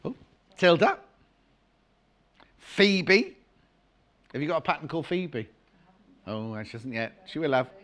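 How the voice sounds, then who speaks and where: A man's voice: fairly high pitch, sing-song, slow, pauses often, a bit bright. A middle-aged man presenting fabrics on a live home-shopping channel, chatty and gushing with jokey asides.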